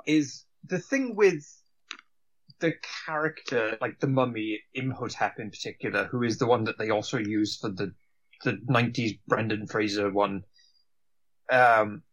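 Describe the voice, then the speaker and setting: A man's voice: on the low side, measured pace, a bit bright, lo-fi sound. A man co-hosting a casual film-review chat, hesitant, full of fillers and restarts, swearing casually. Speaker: podcast co-host.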